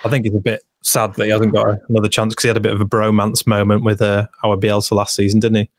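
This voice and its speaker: A man's voice: fairly low pitch, completely flat delivery, quick pace. A man co-hosting a casual football podcast, chatting and reading out listener messages. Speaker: podcast co-host.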